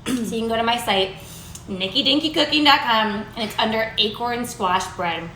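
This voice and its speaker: Woman, cooking show host, chatty, bubbly, high voice, roomy echo, faint background noise. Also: normal speed, bright, forceful tone. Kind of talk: live cooking demonstration.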